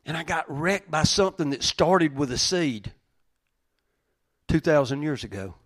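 Preaching man, hushed then loud. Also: on the high side, animated, unhurried, no echo, studio quality. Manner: swings from quiet, hushed lines to loud preaching. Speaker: pastor. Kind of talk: sermon.

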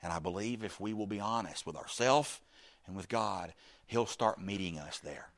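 A middle-aged man preaching a sermon, animated, shifting from loud bursts to quiet asides and acting out the voices in his story. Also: fairly low pitch, moderate pace. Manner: acts out quoted speech in the story.

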